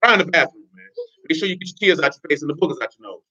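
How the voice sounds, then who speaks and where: A man's voice: fairly high pitch, expressive, very fast, pushed and bright. A man giving informal, blunt religious teaching in streetwise slang, with laughing asides. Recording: dull lo-fi recording.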